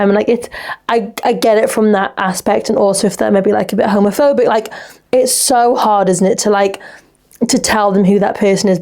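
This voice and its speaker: A woman's voice: mid-range voice, darkish tone. A young woman from England, hosting a podcast in casual, chatty talk and giving frank advice. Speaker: podcast host reading listener messages. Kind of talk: casual chat.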